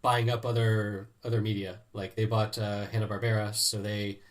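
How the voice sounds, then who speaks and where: A man's voice: fairly low pitch, flat delivery, moderate pace. A man hosting a podcast, talking casually in a rambling, chatty way. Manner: chatty, rambling, many restarts. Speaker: podcast host. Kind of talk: casual chat.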